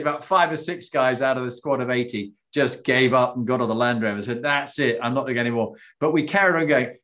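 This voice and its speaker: A man hosting an interview, a former army officer, telling a lively anecdote, acting out the voices in it and laughing as he goes. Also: medium pitch. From Britain. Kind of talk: conversational interview, animated storytelling.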